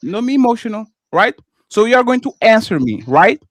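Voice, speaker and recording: A man's voice: high voice, very animated, fairly quick, fairly bright tone, dry recording. A man co-hosting a live panel show, speaking English as a second language, insistently cutting in and lecturing a guest in a heated debate. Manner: insistent, repeats "sir" to cut in, lecturing.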